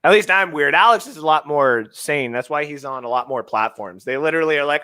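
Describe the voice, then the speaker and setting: A Canadian man in his thirties co-hosting a sports podcast, ranting with heavy swearing, swinging from shouting to muttering. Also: fairly high pitch, lively intonation, fairly quick, clear, resonant tone. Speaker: fantasy sports podcast co-host.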